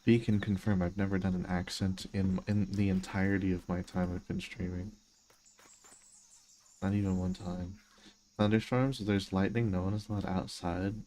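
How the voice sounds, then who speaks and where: A man's voice: deep voice, level tone, normal speed, mellow, a little hiss or hum. A young man casually chatting on a gaming livestream, reading his chat aloud and answering with joking, self-mocking remarks. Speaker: streamer.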